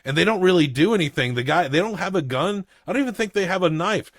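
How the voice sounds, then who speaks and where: A man's voice: high voice, animated, fast, fairly bright tone, no room sound, studio quality. A man co-hosting a podcast, recapping a film plot in casual chat with wry asides. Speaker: podcast co-host. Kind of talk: casual movie review chat.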